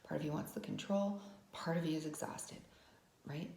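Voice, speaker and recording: A woman's voice: low voice, normal speed, darkish tone, reverberant, a little hiss or hum. A woman vlogger telling a personal story as a lesson, talking conversationally with frequent "right?" asides. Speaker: wellness vlogger.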